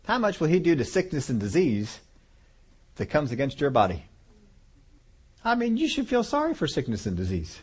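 A man preaching a sermon, animated, acting out voices of God and people and chuckling as he goes. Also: on the high side, moderate pace, long pauses, breathy edge.

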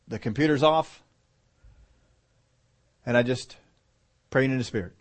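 A man preaching a sermon, urgent and emphatic, swinging between loud bursts and quiet low asides and often repeating himself. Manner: repeats and restarts phrases while preaching.

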